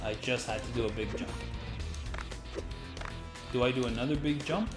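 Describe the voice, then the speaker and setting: A gamer giving casual let's-play commentary, excitable and rambling, laughing at their own jokes. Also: mid-range voice, normal speed. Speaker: gamer playing through a game. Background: game music and sounds.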